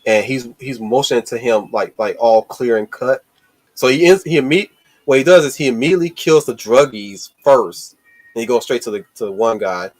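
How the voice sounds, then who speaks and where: A man hosting a casual movie discussion stream, excited and rambling, with lots of restarts and swearing. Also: mid-range voice, moderate pace. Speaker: host.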